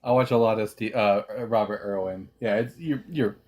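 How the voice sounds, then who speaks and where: A man's voice: on the low side, moderate pace, darkish tone. A man chiming in on a live stream with joking side remarks. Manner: joking interjections.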